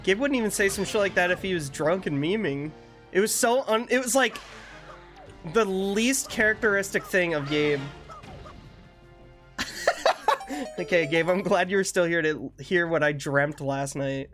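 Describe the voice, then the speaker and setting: A man's voice: high voice, animated, measured pace, pauses often, a bit bright. A young man streaming a game, chatting casually with his viewers, laid-back, laughing often and swearing freely. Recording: faint music behind.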